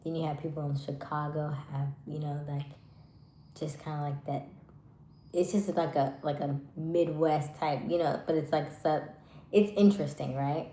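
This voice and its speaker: A woman hosting a live stream, chatting casually with viewers in a soft voice that trails off at the ends of words. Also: low voice, flat delivery, moderate pace, reverberant. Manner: chatty, many fillers.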